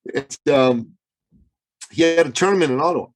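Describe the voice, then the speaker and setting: A man's voice: moderate pace, rough recording. A man, a business coach born in Iran, telling a story as an interview guest, acting out the quotes with big swings in voice and pacing. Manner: dramatic, acts out quotes with big pitch swings. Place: Toronto. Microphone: remote call.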